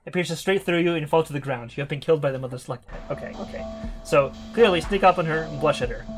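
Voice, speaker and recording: A man's voice: on the high side, fast, music in the background. A man streaming, reading a text adventure aloud and reacting live, laughing often and swearing in surprise.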